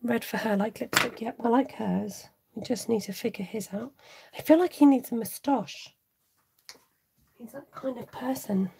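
A woman with a slightly high, creaky voice that's a little mellow and has a breathy edge talks at normal speed. She's running a live card-making stream, casually chatting, reading out viewer comments and frequently murmuring to herself.

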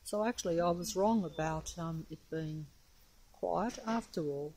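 A woman's voice: lowish voice, measured pace, mellow, low-quality recording. An Australian woman narrating a casual phone video outside on a windy, rainy street, talking in a hesitant, rambling, wary way. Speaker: vlogger. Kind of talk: casual filmed commentary. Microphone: mobile phone camera.

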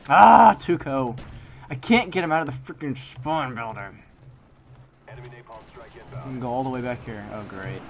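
Over loud gunfire and shooter game sounds, a young gameplay commentator speaks at medium pitch, a little slowly, with long pauses. He swings from quiet grumbling to abrupt, frustrated outbursts about campers.

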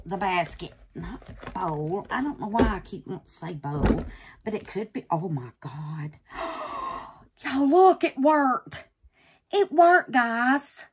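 A woman's voice: fairly low pitch, a little hiss or hum. A woman hosting a casual resin craft vlog. She is chatty and affectionate, calls her viewers babies and honey, and drops into nervous whispers while she works. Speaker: resin craft channel host.

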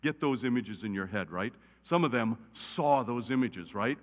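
A man preaching a conversational sermon as a pastor, animated and often checking in with "right?". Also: medium pitch, moderate pace. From United States. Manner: animated, repeatedly asks "right?". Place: church sanctuary. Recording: long church reverb.

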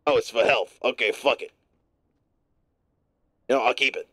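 A male streamer giving live gameplay commentary in a put-on gruff newsman voice, profane and playful. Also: mid-range voice, normal speed, a bit bright, no room sound, clean studio sound.

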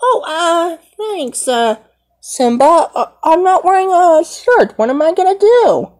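A woman's voice: sing-song, a little slow, a little mellow, full character voice. Nala, as a woman puts her on, whiny lioness. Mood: flustered. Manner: high, whiny, flustered. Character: tearful, fretful young lioness. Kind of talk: amateur fan role-play.

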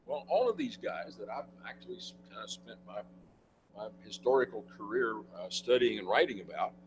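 A man's voice: on the low side, lively intonation, fairly quick. An older man giving a conversational church lecture, with wry asides. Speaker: guest speaker. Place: church meeting room. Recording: noisy room recording with hum.

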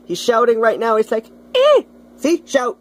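A woman's voice: on the high side, normal speed. A woman vlogging casually at home, playfully chatting to her aquarium fish. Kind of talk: casual vlog tour.

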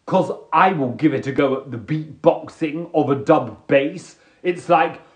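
A man doing a chatty live comedy monologue from his sofa, camp and theatrical, jumping into high squealing voices when he quotes people. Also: a little slow, reverberant. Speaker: comedy livestreamer. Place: home, on a sofa.

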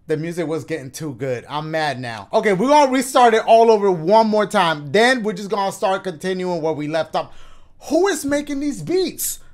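A man's voice: high voice, sing-song, moderate pace, a little mellow. A man giving playful let's-play commentary on a video game, joking around and freestyle rapping along to the beat. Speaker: gaming YouTuber. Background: game music.

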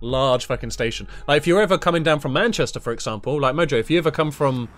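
A man's voice: fairly high pitch, fast, a bit bright. A man commenting casually on a video game as he plays, crude and joking. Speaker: gaming streamer.

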